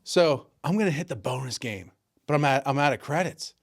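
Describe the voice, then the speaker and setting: A man's voice: medium pitch, brisk, creaky. A man co-hosting a podcast, telling a casual story and acting out the voices of the people in it. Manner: animated, acts out voices in his stories. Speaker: podcast co-host. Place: Pennsylvania.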